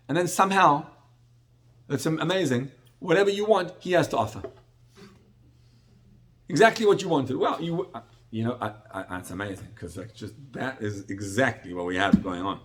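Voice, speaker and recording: A middle-aged man teaches a Torah lesson in a loose, talky sermon style. His voice sits at an ordinary middle pitch. He circles back and restarts phrases, and he slips into acted-out bits of everyday dialogue. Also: lively intonation, moderate pace. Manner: conversational, repetitive restarts, acts out salesman dialogue. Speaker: rabbi.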